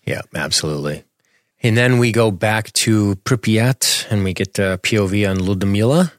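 Man, podcast co-host, very low pitch, dead dry mic, relaxed chatty recap. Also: moderate pace, no echo. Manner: relaxed, laughs often, reads chat questions. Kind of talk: casual chat recapping a TV episode.

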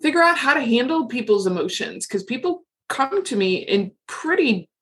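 A woman's voice: a little high, big pitch swings, moderate pace. A middle-aged woman talking frankly and casually as a podcast guest, with lots of fillers. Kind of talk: casual interview chat.

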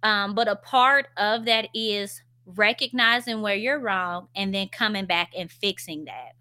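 With a mid-range, sharp-toned voice at a slightly slow pace, a young woman vlogs casually for her followers. As a stay-at-home mom, she candidly shares parenting experiences, laughing at herself and using many fillers.

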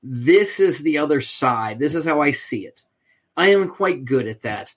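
Animated middle-aged man telling a story. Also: a little high, measured pace, slightly rough. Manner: animated storyteller, acts out quoted exchanges. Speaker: guest. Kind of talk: storytelling in a podcast interview.

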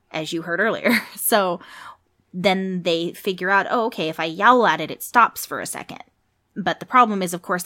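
A woman's voice: fairly low pitch, a bit bright. A woman who works at a cat hospital, hosting a podcast and chatting informally through pet questions. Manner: chatty, explanatory, with fillers and asides. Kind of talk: casual informational podcast monologue.

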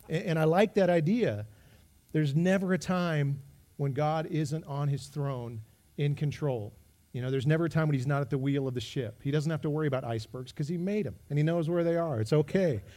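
A middle-aged pastor delivers a sermon in a relaxed, chatty manner. His voice is mellow and warm at a middle pitch, and he leans into lively little re-enactments as he goes. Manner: conversational and animated, acts out his own exclamations.

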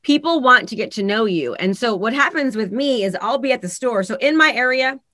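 A real estate agent and coach talks candidly in a casual podcast interview, her high-ish voice a little fast and free of echo. She tells stories animatedly, acting out the voices of people she quotes.

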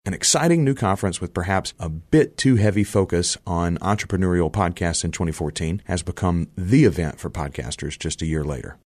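Deep-voiced man reading a heartfelt essay. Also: fairly quick, few pauses, darkish tone, dry recording, studio quality. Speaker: podcast host. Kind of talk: scripted personal essay narration.

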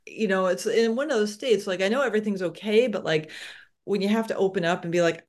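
A woman hosting a spiritual podcast, talking in a reflective, animated way about her own experiences. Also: mid-range voice, quick pace. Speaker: podcast host. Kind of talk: spiritual interview talk.

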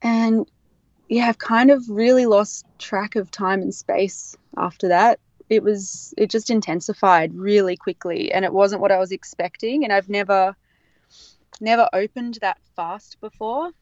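A woman's voice: mid-range voice, unhurried, a little mellow, no room sound, muffled recording. A woman talking candidly about a birth in a casual interview, chatty and laughing often. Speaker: guest sharing her birth story.

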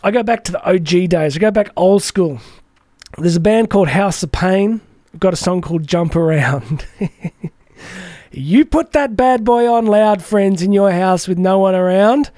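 An energetic man hosting a motivational podcast, with a fairly high but warm, mellow voice. He talks chattily and acts out the voices of the people he quotes. The recording is close and dry, with no room echo. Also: normal speed. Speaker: podcast host.

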